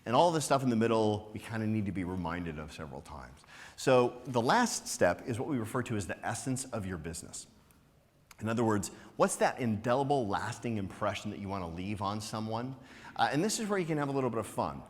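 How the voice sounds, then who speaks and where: A man giving a motivational business talk to a live conference audience, energetic and teasing, throwing out rhetorical questions with a frequent "right?". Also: lowish voice, a little fast. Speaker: conference speaker. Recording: long hall reverb.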